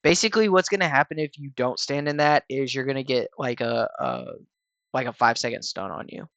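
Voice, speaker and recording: A man talks viewers through a game fight in an easygoing, rambling voice-over full of "um"s, "like"s and restarts. His voice sits at an ordinary middle pitch and sounds a bit tired. The recording is dry and close, with no room sound. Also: a little fast, vocal fry, dry recording, highs cut off. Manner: relaxed and rambling, with frequent fillers and restarts. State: tired, yawning. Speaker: gaming channel host explaining a raid. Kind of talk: casual gameplay walkthrough voice-over.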